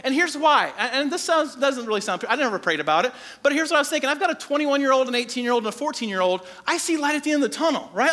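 A man in his forties preaching with a high, bright voice. He tells stories in an animated way and acts out quotes from the people in them, then slows into earnest points for the congregation. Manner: animated storytelling, quoting people in his own voice. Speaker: pastor. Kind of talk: sermon.

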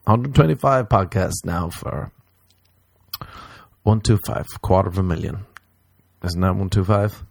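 A man's voice: fairly low pitch, expressive, moderate pace, creaky, darkish tone, no echo. A man hosting his own podcast, rambling, swearing and mocking himself in casual comic chat. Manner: profane, self-mocking, rambling. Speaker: podcast host.

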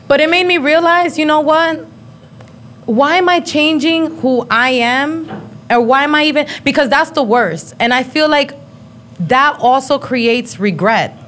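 This podcast host is a woman in her thirties whose voice sits fairly high with a fairly bright tone. On her live show she talks in a loose, casual way, blunt and full of profanity, with frequent bursts of laughter.

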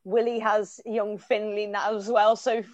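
A woman hosts a podcast, gushing with praise and laughing often. Her voice sits at a middling pitch and sounds dry, close to the mic with no room around it. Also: level tone, unhurried, no echo, highs cut off. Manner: effusive, warm praise, frequent laughter. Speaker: podcast host. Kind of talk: casual podcast chat.

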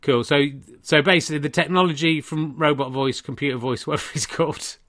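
A man's voice: on the high side, a little fast, a bit bright. A middle-aged man hosting a comic solo podcast, rambling and self-mocking, with many restarts. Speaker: podcast host and comedian.

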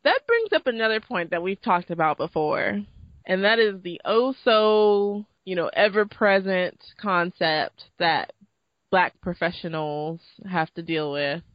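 A woman's voice: lowish voice, expressive, unhurried, no echo, dull audio. A woman co-hosting a casual chat, giggly and talkative, with lots of "like" fillers. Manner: giggly, chatty, many fillers like "like". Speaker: podcast co-host.

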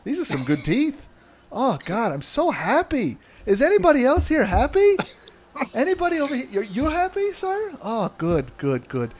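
A man's voice: very high-pitched, wildly swooping pitch, normal speed, voice pushed up, exaggerated voice. A man mimicking an overly cheerful, beaming male wrestler in a sing-song, gushing voice.

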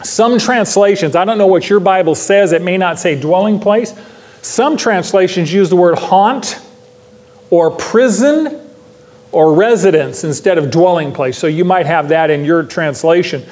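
A man's voice: high voice, unhurried, a little mellow. A male pastor giving an expository Bible teaching, emphatic, repeating key phrases and putting questions to his listeners.

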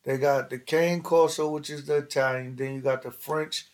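A man's voice: mid-range voice, fairly even intonation, moderate pace. A man telling stories in casual, slangy, profane chat as a podcast host, acting out other people's lines.

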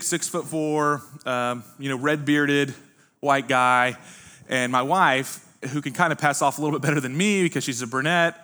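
A man's voice: mid-range voice, pushed and bright. A young adult American man, a pastor, preaching a sermon with casual, storytelling asides. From United States. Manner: conversational storytelling, folksy asides. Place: church sanctuary.

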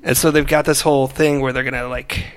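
A man's voice: medium pitch, level tone, quick pace, smooth, faint music behind. A man co-hosting a podcast in a casual movie chat, rambling with restarts and wry jokes. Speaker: podcast co-host.

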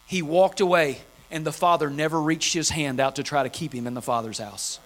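A man's voice: on the high side, a little fast, few pauses, a bit bright. A man preaching an impassioned sermon, driving home key phrases by repeating them. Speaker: pastor.

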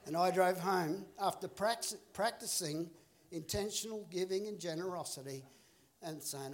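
A man preaching in a church, his voice pitched high for a man. He tells his story with lively energy, laughing along and acting out the people in it. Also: moderate pace. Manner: animated storyteller, acts out characters, laughs along. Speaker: pastor. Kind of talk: storytelling sermon. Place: church auditorium.

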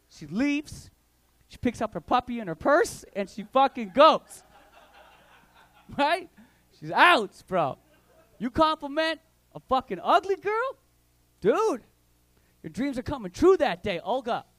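A young man doing stand-up comedy, telling crude stories full of slang in an animated way on a club stage. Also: high-pitched, moderate pace, dry recording.

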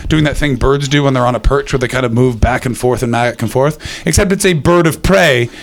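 A man's voice: medium pitch, brisk. A man hosting a live comedy show, telling rambling stories to an audience, swearing freely and breaking into screamed impressions. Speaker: comedian and podcast host.

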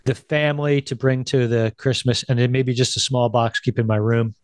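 A middle-aged man co-hosting a casual chat, animated and quick to act out quoted voices. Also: dry recording, studio quality. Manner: animated, acts out quoted voices in a high pitch. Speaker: podcast co-host.

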